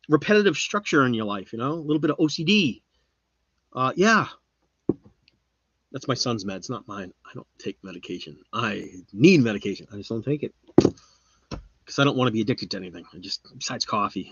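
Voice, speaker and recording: A man's voice: medium pitch, expressive, brisk, breathy edge, no echo. Rambling man on a muffled live stream. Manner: rambling, often trailing off quietly. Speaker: live stream host answering viewers. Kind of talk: casual chat. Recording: slightly muffled lo-fi sound.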